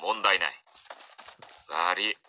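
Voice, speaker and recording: An actor playing a rough young male soldier teammate in a shooter game, talking gruff slangy street talk and stammering when he panics. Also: deep voice, a little slow, bright, forceful tone, heavily acted. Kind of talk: game voice lines.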